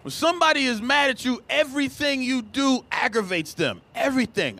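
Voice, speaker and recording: A man in his thirties doing a stand-up comedy routine, telling profane, exasperated stories that burst into loud outbursts. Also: extremely high pitch, animated, fairly quick, slight background noise.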